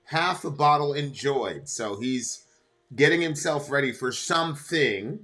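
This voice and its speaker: A man's voice: mid-range voice, unhurried, bright, forceful tone, faint music behind. A middle-aged American man co-hosting a reaction show, reading lyrics aloud and explaining them at length in casual chat. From United States.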